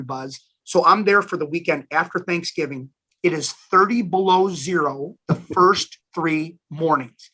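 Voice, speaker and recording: Middle-aged guy swapping career stories, bright forceful voice a bit on the high side, chatty and animated. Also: husky. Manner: animated, chatty storyteller who addresses listeners as guys. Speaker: station general manager, alumni guest. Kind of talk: casual storytelling interview.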